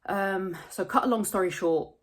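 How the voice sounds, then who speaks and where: A woman's voice: medium pitch, normal speed. A woman, telling a personal story to camera close to tears, candid and rambling, swearing freely. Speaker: vlogger.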